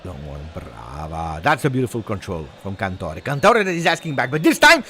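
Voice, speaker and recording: A man commenting live on a football match, switching between muttered play-by-play and shouting at big moments. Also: deep voice, moderate pace, a little hiss or hum. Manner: excitable, shouts at big moments, drops Italian words. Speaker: football fan streamer.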